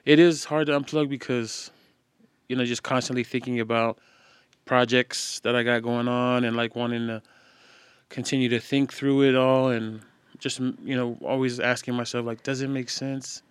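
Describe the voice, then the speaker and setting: A tired man co-hosting a podcast, talking in a relaxed, slangy, casual way. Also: mid-range voice, normal speed, smooth, no room sound. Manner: relaxed, slangy, laid-back. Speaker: podcast co-host. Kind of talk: casual chat.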